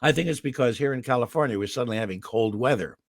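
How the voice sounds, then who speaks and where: An older man, a veteran voice actor, telling stories in an interview with lively delivery and a throat he keeps clearing. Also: mid-range voice, fast talker, dry recording, clean studio sound. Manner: animated anecdotal delivery with restarts. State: throat irritated, clearing it often. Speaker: voice actor guest. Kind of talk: interview storytelling. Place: home in California.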